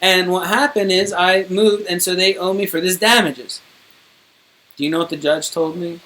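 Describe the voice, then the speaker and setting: A streamer recounts their own court case in a casual, rambling monologue to viewers, indignant, wordy and occasionally swearing. The voice is mid-range and sharp, with a steady tone and normal speed.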